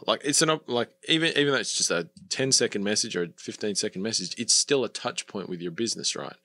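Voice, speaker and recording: A man speaking in a lowish voice with a bright, forward tone. He chats loosely and leans on fillers, and the recording is dry and close. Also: moderate pace, no room sound. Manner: chatty, with many fillers. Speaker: podcast co-host and dropshipping coach. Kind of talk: casual podcast conversation.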